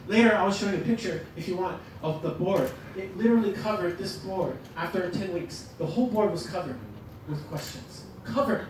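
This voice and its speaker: A man leading a teaching workshop, lively and joking as he demonstrates to the audience. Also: sits high. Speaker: workshop presenter. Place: lecture room. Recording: echoey hall from a distance, noisy.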